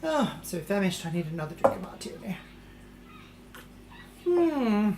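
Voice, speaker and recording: A woman's voice: mid-range voice, very animated, measured pace, reverberant, very noisy. Woman playing a posh vain English lady cook. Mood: boastful. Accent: English, put on. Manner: theatrical, calls people darling. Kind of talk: live-streamed comedy cooking show in character. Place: home kitchen.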